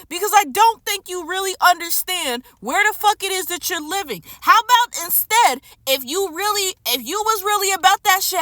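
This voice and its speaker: A woman's voice: high voice, bright, forceful tone, no room sound, studio quality. A woman delivering an unscripted, furious rant to camera as a vlogger. She swears heavily and hammers home her points by repeating phrases. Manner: furious, profane and emphatic. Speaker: streamer and vlogger.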